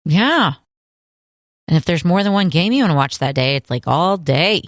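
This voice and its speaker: A woman's voice: on the low side, lively intonation, normal speed, no room sound, clean studio sound. A woman co-hosting a podcast, teasing her partner and leading the segment in casual chat. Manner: teasing, upbeat, leads the segment. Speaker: podcast co-host.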